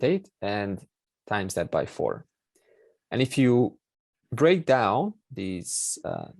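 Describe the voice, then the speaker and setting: A man's voice: fairly low pitch, darkish tone, dry recording. A man teaching a Sanskrit class online, explaining step by step and repeating key words with many fillers.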